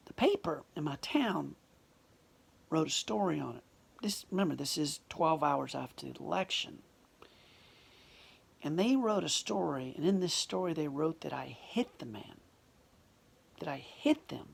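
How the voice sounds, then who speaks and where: A woman telling a personal story in an emotional, confessional way, often dropping to a hushed near-whisper. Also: low voice, gravelly, slightly rough.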